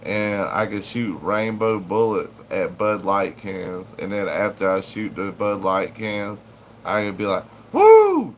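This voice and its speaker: A man's voice: sits low, steady tone, a little slow, a bit bright, slight background noise. A man chatting casually and jokingly on a live stream, rambling and swearing freely.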